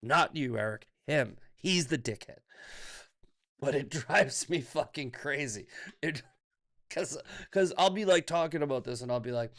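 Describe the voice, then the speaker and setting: A man's voice: mid-range voice, normal speed, fairly bright tone. A man hosting a livestream, ranting casually and profanely, laughing often and reading viewer comments aloud. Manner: reads chat comments aloud. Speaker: livestream host.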